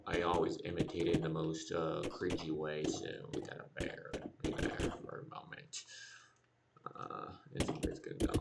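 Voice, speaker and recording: A man streaming a building game, rambling and thinking aloud as he plans, recorded from a distance over loud background noise. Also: a bass voice, monotone, moderate pace, creaky. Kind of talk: casual gameplay commentary.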